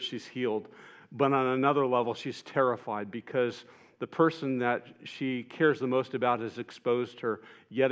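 A man preaching a sermon in an earnest way, rising to emphatic peaks and dropping soft and tender at moments. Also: mid-range voice, lo-fi sound. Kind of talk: sermon retelling gospel scenes.

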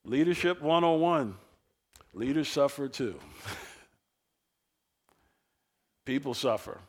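A man preaching a sermon, telling the story in a lively, conversational way and acting out the quoted speakers. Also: medium pitch, slow pace. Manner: animated storytelling preacher, acts out quoted voices; casual, chuckles often. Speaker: pastor.

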